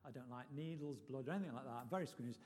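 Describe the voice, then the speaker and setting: A man's voice: medium pitch, very fast, a little mellow. A man preaching a sermon, telling a personal story in a chatty way with many restarts. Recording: long reverb of a hall.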